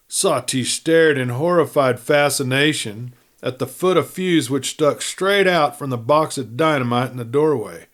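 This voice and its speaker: A man narrating a western novel at a measured, even pace as host of a storytelling series. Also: medium pitch. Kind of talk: audiobook-style reading aloud.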